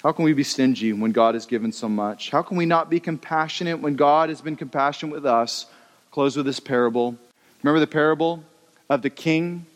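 Animated male preacher in a reverberant hall. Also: on the high side, a little fast. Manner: animated, conversational preaching that acts out stories. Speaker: pastor. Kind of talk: sermon.

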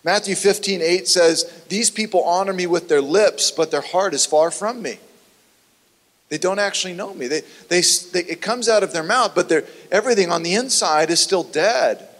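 A man preaching a sermon in an earnest, conversational way that sometimes turns animated. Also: sits high, moderate pace. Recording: long hall reverb.

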